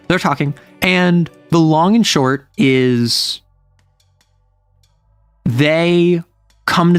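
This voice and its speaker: A man's voice: on the high side, no room sound. A man streaming from home, casually retelling his tabletop game session in a rambling way full of fillers and self-corrections.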